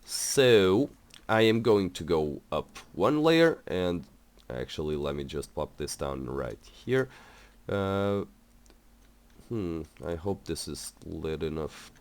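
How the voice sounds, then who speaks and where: A man's voice: low voice, expressive, takes it slowly. A young man hosting a building game video, talking in a rambling, hesitant way with many fillers and restarts. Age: young adult. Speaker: let's play host. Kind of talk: casual gameplay commentary.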